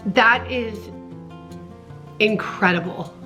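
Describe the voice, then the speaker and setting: A woman's voice: medium pitch, slow pace, sharp tone, soft background music. A young woman talking earnestly and emotionally in a casual personal vlog at home, rambling with many restarts. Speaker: vlogger.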